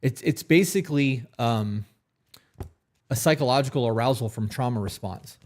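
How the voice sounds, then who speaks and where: A man's voice: medium pitch, normal speed, darkish tone. A man co-hosting a live advice podcast, talking candidly and at length, with casual swearing. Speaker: podcast co-host.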